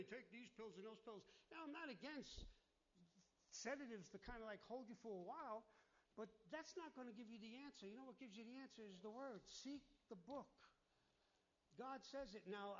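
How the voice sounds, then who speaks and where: Pastor, male, high voice, emphatic preacher, muffled lo-fi church recording. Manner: emphatic preaching, calls for amens, acts out worried voices. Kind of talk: sermon.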